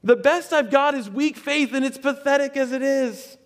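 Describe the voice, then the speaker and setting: A preacher acts out a desperate father crying out, his voice pushed high and urgent as the plea spills out of him. The words ring through a big hall with a long, trailing echo. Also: normal speed. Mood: desperate pleading. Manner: blurting, pleading, raised and urgent. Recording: echoey hall with long reverb.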